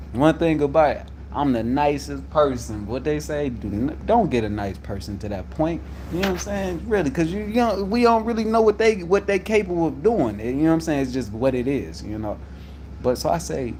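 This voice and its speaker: A man telling a story about a workplace conflict, getting loud when he acts out what was said. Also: mid-range voice, normal speed, a little hiss or hum. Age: adult. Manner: animated, loud when reenacting quotes. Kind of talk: casual storytelling to viewers.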